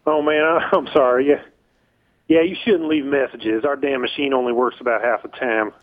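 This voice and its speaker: A man's voice: medium pitch, steady tone, normal speed. A man from an auto shop calling in on the phone, friendly and apologetic. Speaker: caller, auto shop worker. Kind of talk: phone call. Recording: tinny phone line.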